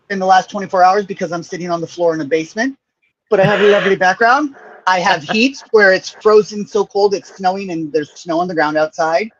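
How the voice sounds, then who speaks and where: Male guest, high voice, easygoing, dull phone sound. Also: a bit bright. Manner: easygoing, hesitant with fillers. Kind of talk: casual chat on a livestream call. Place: basement, sitting on the floor.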